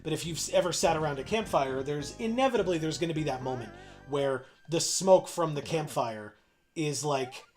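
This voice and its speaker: A man's voice: fairly high pitch, animated, moderate pace, a little mellow, soft background music. Self-mocking man muttering at a game. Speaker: co-host playing the game. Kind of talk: casual livestream chat while playing.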